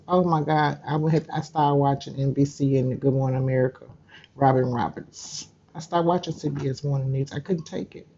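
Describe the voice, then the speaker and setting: Woman YouTuber, dark husky tone, indignant ranting commentary, muffled lo-fi audio. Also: low-pitched. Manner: indignant, talks straight at her target. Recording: dull lo-fi sound.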